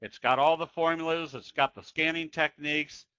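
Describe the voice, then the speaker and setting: Man, webinar trading lesson, folksy and conversational, lots of fillers, bright forceful tone, dry close sound. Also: a little high, fairly even intonation, normal speed, smooth, no room sound, low-quality recording. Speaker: trading educator. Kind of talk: webinar chart walkthrough.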